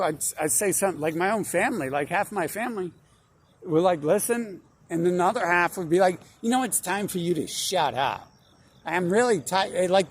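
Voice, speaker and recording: A man's voice: high voice, darkish tone, slightly rough. A young man talking in a long, rambling monologue, full of fillers, restarts and swearing. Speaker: channel host.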